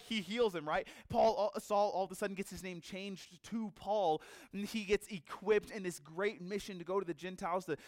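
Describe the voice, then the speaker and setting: A male pastor preaching a sermon, telling a story with lively energy and acting out the characters he quotes. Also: high-pitched, a little fast, dry recording.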